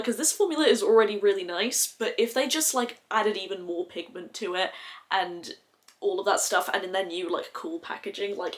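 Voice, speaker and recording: A woman beauty vlogger talks through her makeup in a loose, chatty way, gushing over favourites and peppering her sentences with "like". Her voice sits at a mid pitch for a woman. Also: a bit bright. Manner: gushing, chatty, heavy use of "like". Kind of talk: casual makeup review chat.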